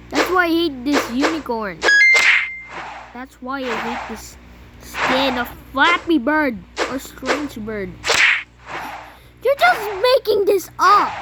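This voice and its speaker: High-voiced woman ranting over a phone game. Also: very noisy. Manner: complains loudly at the game with sudden yelps. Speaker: mobile game player. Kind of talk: casual gameplay commentary. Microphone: phone microphone during screen recording.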